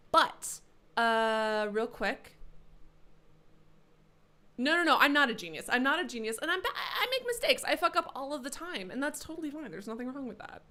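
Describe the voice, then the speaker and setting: A young adult woman live streaming a video game, chatting casually with sarcastic, animated rants. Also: fairly high pitch. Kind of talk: casual chat while gaming.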